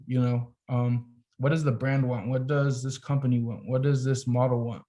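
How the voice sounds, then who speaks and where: Speaking at a moderate clip with a mid-range pitch, this young adult photographer is a guest on a podcast. He's an animated storyteller, relaxed in tone, sprinkling "like" all through his telling.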